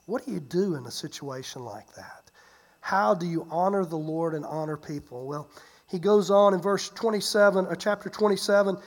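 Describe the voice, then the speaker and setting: A pastor preaching a sermon, retelling a Bible story with animated swings between loud and hushed delivery, often repeating and restarting words. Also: mid-range voice, moderate pace.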